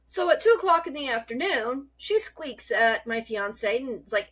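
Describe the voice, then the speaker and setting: Woman vlogger, casual storyteller, higher-pitched, animated and foul-mouthed. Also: normal speed, hardly any pauses. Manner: chatty, animated, swears freely.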